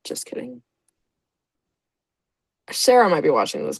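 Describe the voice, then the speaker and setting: A woman's voice: mid-range voice, normal speed, dry recording. A young woman YouTuber reading a story aloud and reacting to it with sarcastic, profane, self-mocking asides. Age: young adult.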